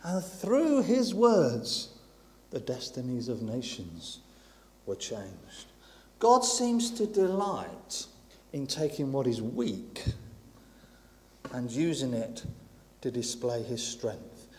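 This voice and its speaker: A man preaching a sermon in a conversational, animated way, acting out the lines of Bible characters as he goes. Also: medium pitch, takes it slowly, pauses often. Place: church hall. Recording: long hall reverb.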